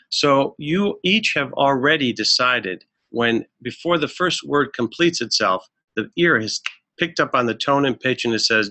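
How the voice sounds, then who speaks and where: A man with a bright, forceful tone gives a webinar talk on marriage to couples. He speaks in an earnest, instructive way, with a mid-range pitch, and often pauses with "uh" and "um" as he moves through his slides. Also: animated. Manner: earnest, instructive, frequent fillers. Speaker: marriage counselor presenting a webinar. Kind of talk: webinar presentation. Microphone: webinar microphone.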